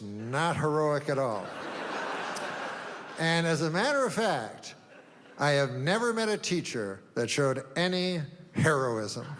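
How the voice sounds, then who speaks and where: An older man doing stand-up in a dry, deadpan, rambling way, pitched a little higher than most men. His voice carries a long hall echo, with faint room ambience underneath. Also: background noise. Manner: deadpan, rambling, drawn-out pauses. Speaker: stand-up comedian.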